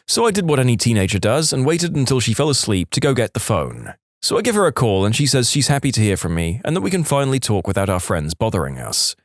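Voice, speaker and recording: A man reads online stories aloud with a playful, animated delivery. His pitch swings widely through each sentence, and the recording is close and dry with no room sound. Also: fast, no room sound. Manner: lively, playful storytelling with voiced quotes. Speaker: narrator.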